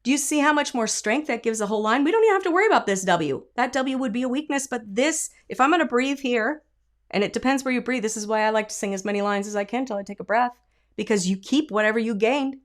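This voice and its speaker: A woman's voice: on the high side, fast talker. A middle-aged woman vocal coach teaching a singing lesson, with emphatic explanations and short sung demonstrations. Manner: lively, emphatic teaching with sung and spoken examples.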